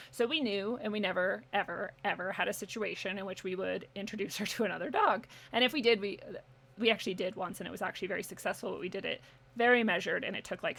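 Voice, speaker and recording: A young adult woman tells a personal story in a loose, conversational way. Her voice is bright and clear, and she swears freely and laughs easily as she talks. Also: medium pitch. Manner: candid and animated, swears freely, laughs often. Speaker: podcast guest. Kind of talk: casual storytelling.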